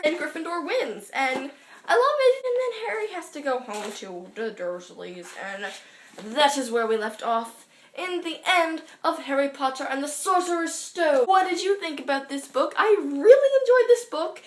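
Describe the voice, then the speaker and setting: A woman's voice: sits high, expressive, a little hiss or hum. Gushing teenage girl book vlogger. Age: teens. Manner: gushing, rambling, quick asides. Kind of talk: excited book review vlog. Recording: roomy echo.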